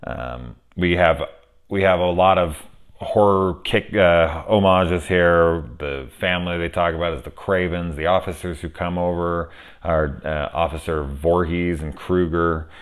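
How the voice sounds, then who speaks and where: Deep-voiced, rambling horror-fan man. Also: fairly even intonation, a little slow. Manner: rambling, profane, enthusiastic. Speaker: movie reviewer. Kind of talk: casual spoken film review. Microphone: camera setup at home.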